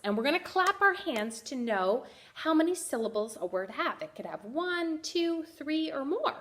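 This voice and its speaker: A woman teaches a first-grade reading lesson in a high, lilting voice that rises and falls a great deal. She speaks slowly and clearly, sounding out each letter. She cheers the children on as they clap out syllables. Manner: encouraging.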